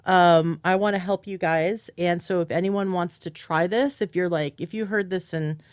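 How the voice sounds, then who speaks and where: A woman's voice: on the low side, steady tone, normal speed, no echo, studio quality. A woman hosting a podcast as a health coach, talking in an enthusiastic, chatty way. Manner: enthusiastic, chatty, acts out quoted speech. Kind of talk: casual interview chat.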